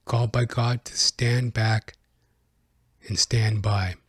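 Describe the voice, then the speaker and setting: A man's voice: fairly low pitch, steady tone, takes it slowly, fairly bright tone, husky, no echo, studio quality. A man hosting his own podcast, telling stories in a casual solo monologue, profane and rambling. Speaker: podcast host.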